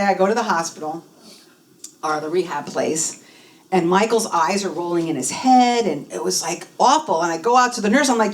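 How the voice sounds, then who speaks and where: Animated woman storyteller, distant mic. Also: fairly low pitch, moderate pace. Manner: animated storyteller who acts out dialogue. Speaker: guest speaker. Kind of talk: personal testimony talk. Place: spiritual center sanctuary.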